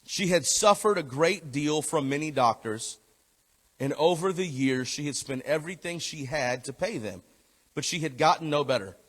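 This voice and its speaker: A man preaching in a fairly high voice, hammering home his points with repeated phrases and at times easing into a low, gentle appeal. His voice rings through a long reverb, as if filling a large hall. He switches between reading scripture and speaking straight to the congregation. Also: animated, normal speed. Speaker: pastor. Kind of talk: sermon. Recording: echoey hall.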